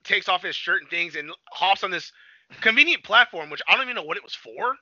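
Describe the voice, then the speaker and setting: A man's voice: high-pitched, a little fast, no room sound. A man co-hosting a movie review podcast, rambling through the plot in casual chat with lots of "like". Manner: rambling plot retelling full of "like", with animated quoted voices. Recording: slightly dull lo-fi, dry.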